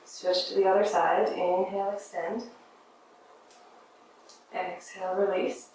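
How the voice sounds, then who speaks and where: A woman teaching a yoga class, giving gentle, encouraging step-by-step cues for breath and movement. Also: medium pitch, steady tone, a little slow, a little hiss or hum. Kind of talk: guided yoga class instruction. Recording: very echoey room, mic at a distance.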